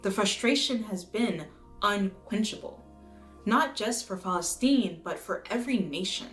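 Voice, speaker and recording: A woman from the United States reading a scripted video essay in an earnest, measured way, now and then swearing for emphasis. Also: mid-range voice, fairly bright tone. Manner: earnest, measured, occasionally profane. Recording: roomy echo with faint music.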